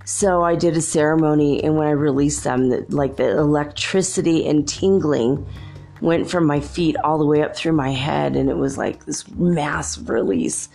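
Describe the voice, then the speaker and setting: Low gravelly woman telling rambling stories. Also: steady tone, moderate pace, warm tone. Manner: rambling, chatty, laughs often. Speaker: show host. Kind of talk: casual storytelling monologue.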